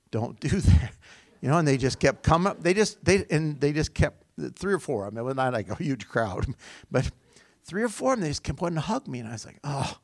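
A man's voice: mid-range voice, vocal fry, dry recording, studio quality. A middle-aged man, a pastor, giving an informal sermon in a conversational, rambling storytelling way with small chuckles.

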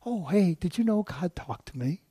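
A man's voice: high voice, animated, normal speed, dark tone, husky, dry recording, voice pushed up. A man mimicking a breezy, self-satisfied churchgoer who gushes over a prophetic word. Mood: gushing. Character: gushing churchgoer bragging about a prophetic word.

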